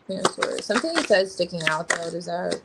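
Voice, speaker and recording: A woman's voice: lowish voice, expressive, brisk, vocal fry, heavy background noise. A woman giving a tarot reading on a livestream, thinking aloud as she turns over cards. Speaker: tarot reader.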